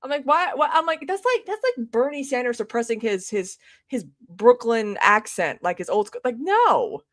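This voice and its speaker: Lively sarcastic young woman podcaster. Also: fairly high pitch, no room sound, clean studio sound. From US South. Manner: animated, sarcastic, quick asides. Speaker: podcast co-host. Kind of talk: casual political chat.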